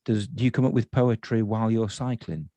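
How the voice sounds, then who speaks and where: A man's voice: lowish voice, fairly even intonation, brisk, warm tone, no echo. A man hosting an online festival session, asking rambling questions and correcting himself as he goes.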